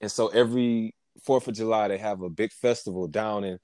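A young man co-hosting a podcast, telling a rambling, animated story with laughs and a lot of swearing. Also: fairly low pitch, fairly quick, dry recording. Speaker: podcast co-host. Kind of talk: casual chat.

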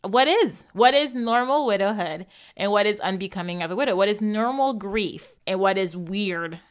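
A woman talking candidly and reflectively as a host, animated at times, laughing often and acting out the voices of people she quotes. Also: mid-range voice, moderate pace, smooth. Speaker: podcast host. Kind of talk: personal reflective monologue.

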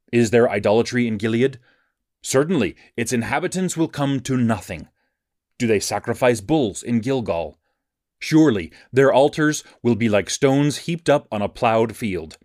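A man's voice: mid-range voice, dry recording. Man reading scripture in a dry, close voice. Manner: measured, even reading cadence. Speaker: scripture reader.

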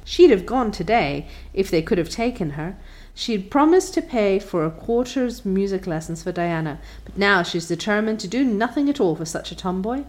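A woman's voice: medium pitch, lively intonation, normal speed, few pauses, a little mellow, close to an everyday voice. A woman voicing an opinionated older village woman in an audiobook, gossipy and self-assured. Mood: gossiping. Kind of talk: audiobook character voice.

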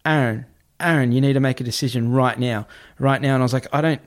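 A man, a podcast guest telling a story in a casual, animated way, often swearing and repeating himself. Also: mid-range voice, quick pace. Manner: animated, repetitive, swears freely.

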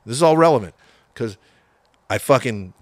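A man from the San Francisco Bay Area, a metal guitarist telling his band's story in a casual, profane, animated way, acting out what people said. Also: medium pitch, normal speed, dry recording, clean studio sound. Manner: profane, animated storyteller, acts out quoted voices.

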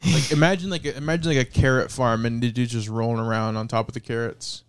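A man's voice: mid-range voice, steady tone, fast, clean tone, dry recording. A young man co-hosting a podcast in casual, crude, joking chat, laughing often. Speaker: podcast co-host.

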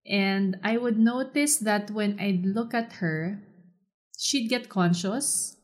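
A woman hosting a solo podcast and telling a personal story in a soft, reflective way. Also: medium pitch, slow. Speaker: podcast host.

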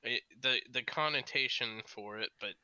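A man's voice: medium pitch, moderate pace, bright, forceful tone, low-quality recording. A man in casual chat who reasons things through in a thoughtful, analytical way.

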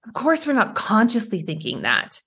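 A woman's voice: medium pitch, wildly swooping pitch, normal speed, fairly bright tone, breathy edge. A woman hosting a solo podcast, talking candidly and with feeling, acting out inner voices and swearing now and then. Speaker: podcast host.

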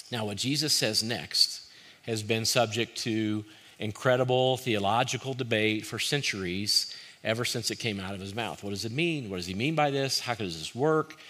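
A man preaching a sermon, earnest and direct, who rises to forceful emphasis and drops to a hushed, pleading tone. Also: mid-range voice. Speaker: pastor.

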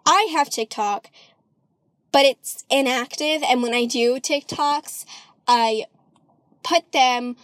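A woman's voice: high-pitched, takes it slowly, long pauses, dry recording. A young woman from Michigan chatting casually in a vlog, rambling with lots of ums and sometimes drifting into a British-sounding lilt. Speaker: vlogger.

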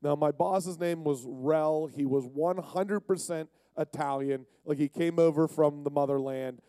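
A man's voice: on the high side, fairly even intonation, unhurried, mellow, clean tone, dry recording. Youth speaker, man from Pennsylvania, casual storytelling sermon, jokey, dry close sound. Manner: jokey, rambling.

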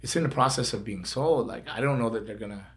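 An older man, a former wrestler hosting a podcast, talking in a rambling, animated way full of asides. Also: medium pitch, fast talker. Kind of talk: casual chat.

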